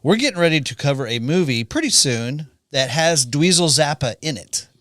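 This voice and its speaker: Man, podcast co-host, higher voice, lively pitch, short reactions, dry sound. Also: moderate pace, dry recording. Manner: brief reactions, playful trivia questions. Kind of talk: casual chat.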